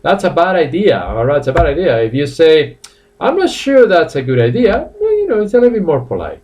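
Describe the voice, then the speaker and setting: A man teaching a live online English class, laughing often and repeating phrases slowly for his students; he says he is a little tired. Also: fairly high pitch, huge pitch swings, dark tone, slight background noise.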